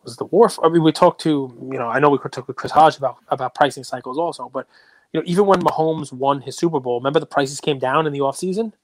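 A man hosts a loose sports and card-collecting chat, rambling from point to point with plenty of fillers. His voice sits a little high. The recording is dry and close. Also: quick pace, dry recording. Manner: rambling, conversational, frequent fillers. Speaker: podcast host.

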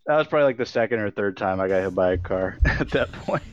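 A laid-back man with a lowish voice telling stories on a podcast, swearing freely as he goes. The audio is dull and lo-fi, with a faint hiss behind him. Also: expressive, fast. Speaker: podcast co-host. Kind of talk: casual chat, storytelling.

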